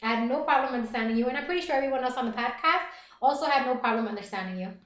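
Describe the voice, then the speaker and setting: A middle-aged woman with a Puerto Rican Bronx accent, chatting fast and reassuringly as a livestream host reading viewer comments. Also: high-pitched, reverberant. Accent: Puerto Rican Bronx New York. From the Bronx, New York.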